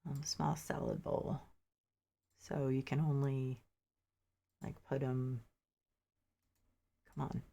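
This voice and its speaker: A woman's voice: a bass voice, level tone, takes it slowly, creaky, long pauses, warm tone. A woman casually chatting to her viewers while playing a game, thinking aloud with mild frustrated asides, a little sleepy. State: sleepy, yawning. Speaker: game streamer. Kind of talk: casual gameplay commentary.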